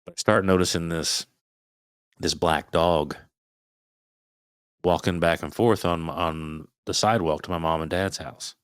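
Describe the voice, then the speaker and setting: A man in his thirties, a podcast guest, telling a frightening personal story in casual, swearing, animated talk. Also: deep voice, unhurried, long pauses, clean tone, no room sound, clean studio sound. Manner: swearing, animated retelling of a scary night.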